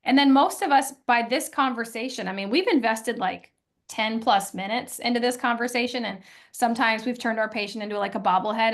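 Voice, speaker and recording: A woman's voice: a little high, moderate pace. A woman, a dental hygienist co-hosting a webinar, explaining patient communication in a casual, instructive way.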